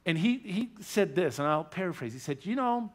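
During a church service, a guest speaker with a German accent shares his personal testimony. His voice is fairly high and a little fast, and he speaks earnestly, growing more animated as the story builds.

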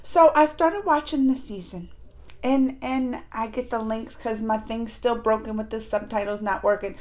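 A woman hosting a review channel, recapping episodes to viewers in a chatty, animated way and acting out characters' lines. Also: a little high, normal speed. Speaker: reaction and review channel host. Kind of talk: casual recap chat to viewers.

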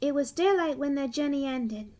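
A woman reading a children's storybook aloud, deliberate with occasional restarts. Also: high voice, expressive, a little mellow.

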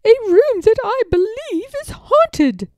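A woman's voice: very high voice, big pitch swings, takes it slowly, no echo, clean studio sound, pitched above the performer's own voice, exaggerated voice. A woman voicing a stern, proper schoolmistress who speaks emphatically. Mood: emphatic.

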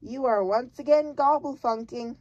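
A woman voicing a big, muddled but kindly male giant who mangles his grammar, reading slowly in a dry, close recording. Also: expressive, darkish tone, no echo, muffled recording. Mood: scolding. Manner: jumbled grammar, booming and emphatic.

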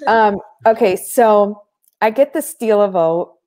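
A woman as a podcast guest, telling stories in a casual, animated way with frequent laughter. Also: medium pitch, slow pace. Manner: animated, laughs often mid-story, many fillers. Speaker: podcast guest, former reality show contestant. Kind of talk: casual storytelling chat.

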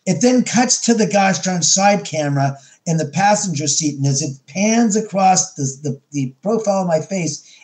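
A man's voice: on the high side, a little mellow. A middle-aged man, a podcast guest, tells a story with animation, acting out his own lines and often restarting sentences. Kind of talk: storytelling interview.

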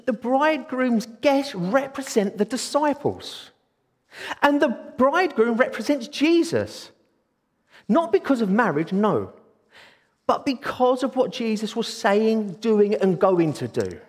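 A man preaching a sermon in a church, excitable and eager. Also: very high-pitched, a little slow. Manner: excitable, bursts into exclaiming. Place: church hall. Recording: long hall reverb.

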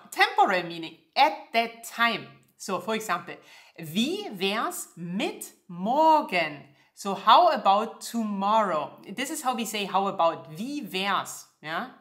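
Woman teaching a lesson, bright voice, very animated pitch. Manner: slow and clear, checks in with "yeah?" and "okay?". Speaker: German teacher. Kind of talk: language lesson.

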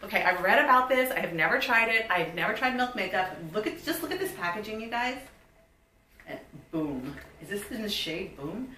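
A woman in her fifties chatting excitedly in a casual unboxing video and reading product labels aloud. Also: mid-range voice, brisk, roomy sound, recorded from a distance, a little hiss or hum, rough recording. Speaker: beauty vlogger.

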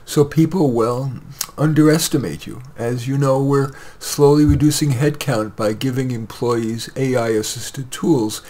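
A man's voice: medium pitch, measured pace, few pauses, darkish tone, lightly acted. A man voicing a tactful female office boss who hesitates before each blunt word.

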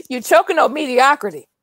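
A woman with a mid-range voice speaks in a measured, knowing way in casual movie chat, teasing her co-host now and then. The sound is dry and close, with no room echo. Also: sits high, fairly bright tone. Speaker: podcast co-host. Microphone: video call.

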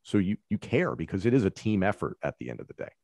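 Deep-voiced man, easygoing interview talk. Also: quick pace, creaky, no room sound. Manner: relaxed, conversational, explains with examples. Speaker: wrestling commentator. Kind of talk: conversational interview answers.

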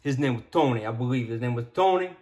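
A man's voice: mid-range voice, lively intonation, fast, warm tone. A man preaching a casual sermon as pastor, chatty and joking, often restarting his sentences.

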